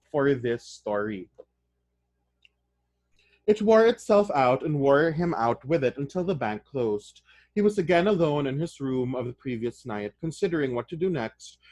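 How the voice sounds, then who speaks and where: A man's voice: medium pitch, dry recording. Man reading a novel aloud with chatty asides. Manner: reads aloud, then breaks into excited chatty asides. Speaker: reader of a novel. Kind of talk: reading aloud with casual commentary.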